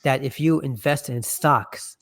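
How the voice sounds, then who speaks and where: A man's voice: medium pitch, measured pace, vocal fry, fairly bright tone. A man answering as a podcast guest, speaking confidently and often opening with "I mean". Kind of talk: casual interview answers.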